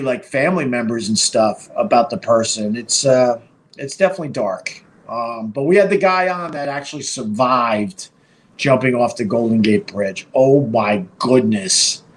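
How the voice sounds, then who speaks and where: A middle-aged man hosting a live stream, telling a story casually with a rambling, profane delivery full of fillers and restarts. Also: medium pitch. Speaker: podcast and live stream host.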